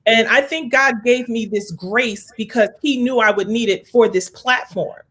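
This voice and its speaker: A woman's voice: on the high side, moderate pace, sharp tone. A woman hosting a heartfelt conversation, speaking earnestly and with emotion, slipping into prayerful pleading. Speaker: host.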